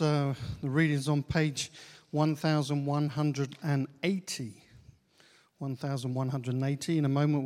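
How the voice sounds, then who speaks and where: A man preaching a sermon in a church, unhurried, pausing often with "uh" and repeating key phrases. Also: a little high. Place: church hall. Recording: long church-hall reverb.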